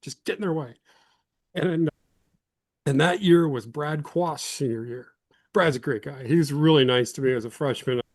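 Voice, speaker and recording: A man's voice: fairly high pitch, moderate pace, no room sound. A man in his fifties from Illinois, a former football lineman telling rambling, self-deprecating stories as an interview guest. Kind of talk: casual interview storytelling.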